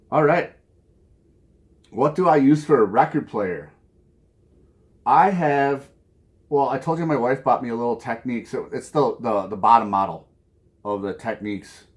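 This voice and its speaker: A man from Minnesota with a Minnesota accent, talking casually to camera from his home music room, rambling and chuckling at his own asides. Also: mid-range voice. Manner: rambling, chuckles often, self-mocking asides. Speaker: vinyl collecting vlogger.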